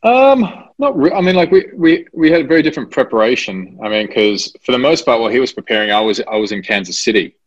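A man's voice: mid-range voice, lively intonation, fast, hardly any pauses. A man, an actor being interviewed, talking casually and hesitantly with many fillers and restarts. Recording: dull lo-fi recording.

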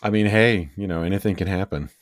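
Man, low voice, tabletop player, casual and hesitant, dry sound. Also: fast talker, no echo. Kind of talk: tabletop role-play chat.

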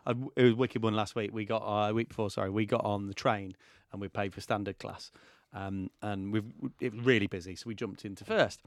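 A man, co-hosting a podcast and telling lively anecdotes. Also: on the low side, fairly quick, no echo, clean studio sound. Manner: animated anecdote teller. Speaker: podcast co-host. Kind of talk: casual podcast chat, storytelling.

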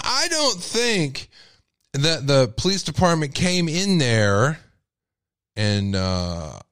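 A man with a Texas accent and a deep voice, hosting a casual livestream and reacting with loud disbelief. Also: dry recording, clean studio sound. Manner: animated, exclaiming in disbelief. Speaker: podcast host.

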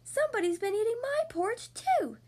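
Bellowing storybook mother bear, as a woman does her, high, loud, lively. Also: a little fast. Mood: indignant.

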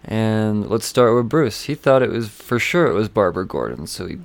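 A man hosting a podcast, casually reviewing comic books in a rambling, excitable way, with lots of fillers and swearing. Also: fairly low pitch, moderate pace, gravelly. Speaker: podcast host.

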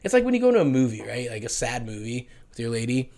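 A young adult man co-hosting a podcast, telling stories in a casual, profane, animated way. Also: medium pitch, quick pace. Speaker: podcast co-host. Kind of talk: casual chat.

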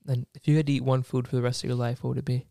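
A young man chatting casually at home while he interviews his mother, easygoing and quick to laugh. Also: medium pitch, level tone, vocal fry, warm tone, no echo, clean studio sound. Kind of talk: casual chat. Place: home basement.

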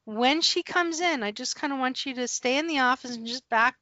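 Animated and laughing, a woman recalls her time managing a store as a podcast guest, performing the dialogue as she goes. Her voice sits high and brisk, recorded dry with the highs cut off.

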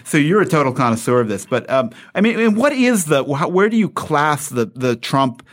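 A man hosting a radio interview with a raspy, gravelly voice, asking curious questions. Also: on the high side, big pitch swings, moderate pace. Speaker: radio host. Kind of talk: casual interview.

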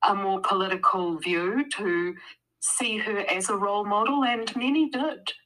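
A bright, clear-toned woman speaks as a guest author in a relaxed interview. She thinks aloud, pausing on fillers and restarting her sentences as she goes. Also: medium pitch, low-quality recording. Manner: thoughtful, with frequent fillers and restarts. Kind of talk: casual interview conversation.

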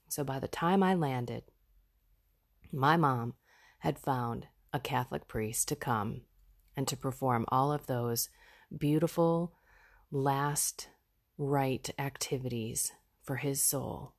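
A woman's voice: rumbling low, slow pace. A woman hosting a podcast, sharing a raw personal reflection in an earnest, heartfelt way. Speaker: podcast host.

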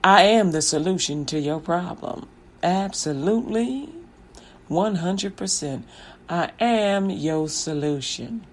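A woman voicing a slick, smooth-talking male pied piper who cons a town, in cocky street slang. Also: on the high side, expressive, slow. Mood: confident.

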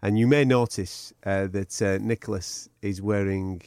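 A man's voice: fairly low pitch, steady tone, measured pace, a little mellow, smooth, no echo, studio quality. A man hosting a boxing podcast, cheeky and teasing, swearing freely in casual banter. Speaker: podcast host.

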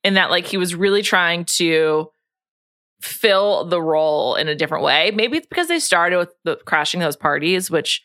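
Lively, bright-voiced woman podcast host. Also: on the low side, no room sound, studio quality. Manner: chatty, quick to laugh. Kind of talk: casual chat.

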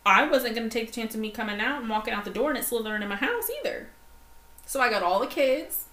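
A woman co-hosting a casual chat podcast, telling stories with lively quoted voices. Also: fairly high pitch, fast talker. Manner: animated storyteller, acts out quoted voices. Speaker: podcast co-host. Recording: echoey room, faint ambient noise.

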